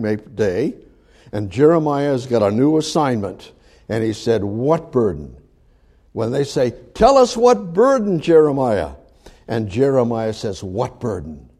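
Preacher guy, really lively up-and-down delivery, mellow tone, keeps repeating himself for emphasis. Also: medium pitch. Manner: repetitive, emphatic preaching with rising exclamations. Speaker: pastor. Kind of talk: sermon.

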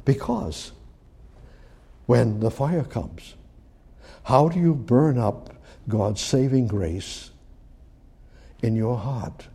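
A man preaching a sermon, reading scripture aloud and commenting on it, swinging from loud emphatic rises to hushed near-whispers. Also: mid-range voice, lively intonation, drawn-out words, pauses often, breathy edge. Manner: reads scripture aloud and comments between verses.

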